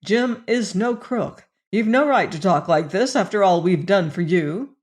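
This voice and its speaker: A middle-aged mother speaks in a reproving, martyred manner, voiced by a woman narrator. Her delivery is slow and deliberate. This is an audiobook character voice. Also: mid-range voice, lively intonation, a little mellow, natural voice.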